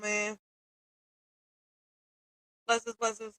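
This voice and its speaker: A woman's voice: on the low side, expressive, moderate pace, a bit bright. A woman hosting a live stream at home in a casual, blunt rant. She talks straight to her viewers with profanity and slangy asides. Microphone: streaming software setup.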